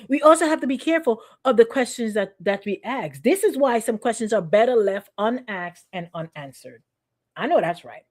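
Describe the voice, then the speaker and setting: Woman pastor preaching in a chatty style. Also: a little high. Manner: conversational preaching with repetition and playful sarcasm. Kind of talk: sermon.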